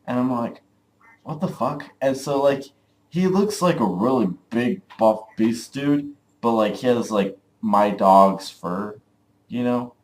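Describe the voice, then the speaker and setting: A man's voice: mid-range voice, expressive, takes it slowly. A young man vlogging, telling a dream story casually, rambling with lots of "like" and swearing. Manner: rambling, full of "like", profane.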